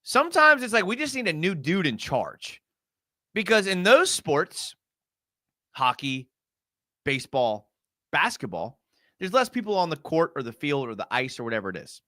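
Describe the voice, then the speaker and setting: A man hosts a live fan stream, his bright voice swinging all over in pitch as he rants about plays with exasperated sarcasm. He talks casually and picks up chat comments as he goes. The sound is dry and close. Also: sing-song, normal speed, pauses often, no room sound. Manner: reads and answers live chat. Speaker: fan show host.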